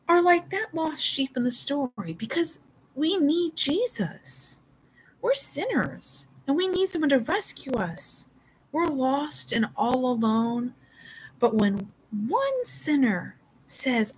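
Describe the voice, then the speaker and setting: A woman telling a Bible story to toddlers in an exaggerated, sing-song way, dropping to soft whispers for prayers. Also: sits high, animated, slow, a little hiss or hum, poor audio. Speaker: toddler Sunday school teacher.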